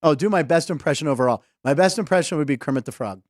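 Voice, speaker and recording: A fairly high-voiced man runs a sports comedy talk show, full of quick jokes and rambling asides. His voice sounds close and dry. He speaks from a studio desk. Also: no echo. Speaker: host. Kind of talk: casual sports comedy podcast banter.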